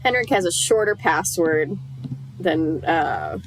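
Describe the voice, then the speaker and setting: Young woman streamer, slow-talking, wry game commentary, faint music behind. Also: deep voice, very animated, poor audio. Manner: casual, wry, chatting to viewers. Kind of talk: casual let's-play commentary.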